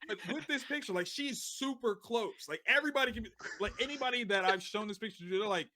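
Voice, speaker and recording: Animated, slangy man telling a story. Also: sits high, fast talker. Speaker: podcast guest. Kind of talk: casual podcast storytelling.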